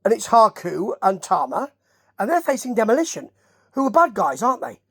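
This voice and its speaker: A man's voice: sits high, very animated, brisk, fairly bright tone, breathy edge. A man with a Nottingham English accent reviews old wrestling in a loose, chatty ramble. He wanders into asides and keeps tossing questions at the listener as he goes. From Nottingham, England. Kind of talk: casual rambling review commentary.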